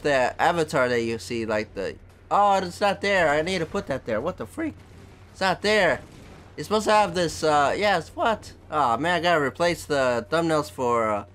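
Male gameplay host, a touch high-pitched, loose and rambling, casual commentary. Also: fairly bright tone, clean tone. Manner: rambling, full of fillers like "basically" and "like".

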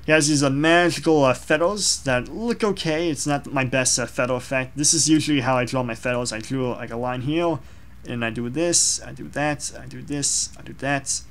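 A man's voice: medium pitch, moderate pace. A young man casually talking through his own digital drawing, rambling and self-deprecating, with many fillers. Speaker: drawing vlogger. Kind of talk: casual commentary over a drawing.

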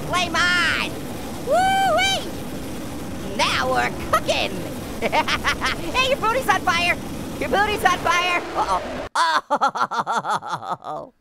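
A man's voice: extremely high pitch, vocal fry, heavy background noise, exaggerated voice. A man voicing a wisecracking male talking orange who hosts cartoon game commentary, punning and giggling with constant exclamations. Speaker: gaming channel host. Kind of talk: cartoon let's-play commentary in character.

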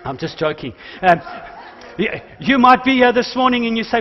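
A man delivers a sermon with urgent calls to his congregation and jokes in between. His voice sits high, and the sound is dull and muffled, with a long reverb that trails through the church hall. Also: expressive, moderate pace. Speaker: pastor.

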